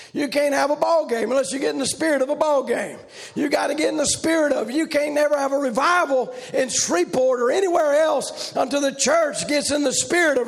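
A man preaching a revival sermon in a loud, rhythmic, shouting preaching cadence. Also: very high voice, vocal fry.

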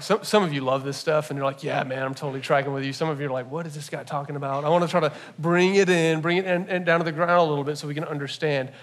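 A man preaching a sermon in a relaxed, conversational way, raising his voice to stress his points. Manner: rises in pitch and volume to stress points. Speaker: pastor. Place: church.

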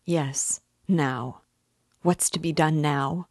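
A woman's voice: sits low, extremely slow, dry recording, clean studio sound, full character voice. A woman reading aloud and voicing a desperate, tender young woman who pleads and cries out. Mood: anguished pleading. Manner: pleading, tearful, rising to cries.

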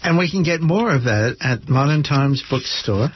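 A man's voice: medium pitch, animated, normal speed, husky, lo-fi sound. A man interviewing a guest on radio, giving short, encouraging prompts. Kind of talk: casual interview chat.

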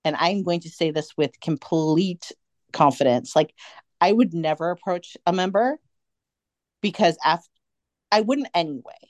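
A low-voiced woman co-hosting a casual podcast, chatty and animated, slipping into little acted-out quotes. The recording is dry and close, with no room sound. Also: unhurried, long pauses, dry recording. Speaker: podcast co-host. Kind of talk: casual fan chat.

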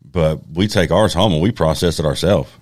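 A man's voice: sits low, moderate pace, darkish tone, no echo, clean studio sound. A man chatting in a laid-back, blunt way. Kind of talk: casual chat.

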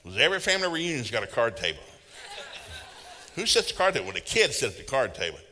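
A male preacher with a bright, ringing voice tells his sermon as folksy stories full of humor. His words roll out into a long echo across a large hall. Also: mid-range voice, very animated, quick pace, a little hiss or hum. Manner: folksy, humorous storytelling with laughs.

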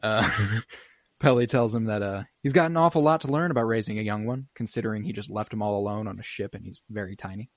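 A man's voice: lowish voice, fast, no room sound. A man hosting a casual podcast, recapping an episode in a loose, profane, laughing way. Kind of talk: casual chat.

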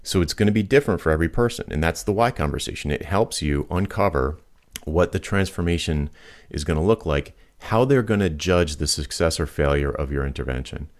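A man hosting a podcast who gives pricing advice in a confident, lively way and acts out examples. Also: very deep voice, fairly quick. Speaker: podcast host, pricing consultant. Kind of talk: casual advice talk.

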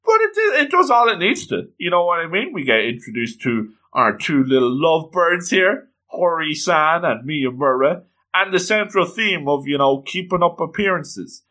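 A man's voice: fairly high pitch, big pitch swings, moderate pace, bright, forceful tone. A man reading a comic aloud and commenting, gushing with frequent exclamations. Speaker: comic reader and reviewer.

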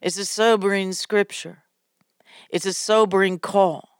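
A woman preaches a devotional sermon at an unhurried pace, her voice smooth and clean. She speaks haltingly and fervently, restarting phrases and repeating words. The sound is dry and close, with no room around it. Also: medium pitch, steady tone, no room sound. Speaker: ministry host and preacher.

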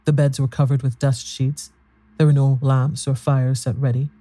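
A man with a very dark, mellow voice reading a ghost story aloud. His telling is measured and even, at a middle pitch for a man. It has the steady feel of scripted storybook narration. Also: no echo.

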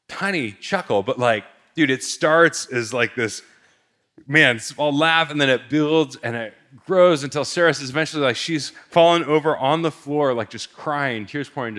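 A man's voice: fairly high pitch, bright, forceful tone. A male pastor telling a story in a sermon, casual and conversational, with lots of filler words.

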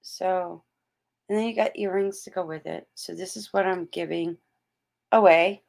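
A woman's voice: on the low side, fairly even intonation, unhurried, vocal fry, a little mellow. A middle-aged woman hosting a motivational vlog, speaking emphatically and repeating her points like a pep talk. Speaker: motivational host.

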